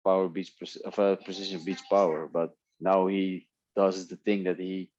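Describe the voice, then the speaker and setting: A man whose first language is Dutch, telling stories in a relaxed way in a casual interview, often laughing. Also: sits low, normal speed, muffled recording, a little hiss or hum. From Netherlands. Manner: relaxed storytelling with frequent laughs and restarts. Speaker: guest, MMA fighter.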